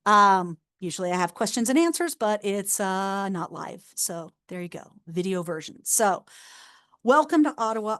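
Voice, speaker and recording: Chatty, encouraging woman advisor. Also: mid-range voice. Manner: casual, encouraging, many fillers and restarts. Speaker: university enrollment advisor. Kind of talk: recorded orientation talk.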